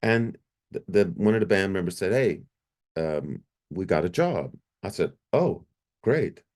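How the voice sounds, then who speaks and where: Deep-voiced man telling a personal story. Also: moderate pace. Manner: animated, jumps higher when quoting himself; repeats himself, restarts often. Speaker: near-death experiencer telling his story.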